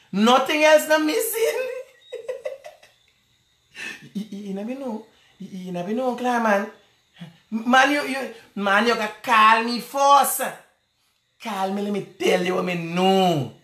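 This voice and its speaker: A man's voice: sits high, pushed and bright, reverberant. A man speaking Guyanese Creole, joking and rambling in casual political commentary, addressing the listener directly.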